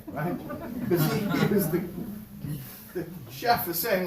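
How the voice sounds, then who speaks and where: A man teaching a class and telling a story in a lively way, stumbling over and repeating words as he goes. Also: sits high, normal speed. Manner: animated storyteller, repeats words, voices characters. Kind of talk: lecture with a told story. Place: synagogue class room. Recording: echoey room from far off, noisy.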